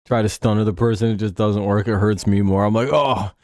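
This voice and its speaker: Casting: man, low voice, tired live-stream host, loose and joking, dry close sound. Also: little pitch movement, brisk, darkish tone, no echo. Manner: rambling, joking, swearing, sleepy. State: tired and yawning. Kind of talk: casual game watch-along commentary.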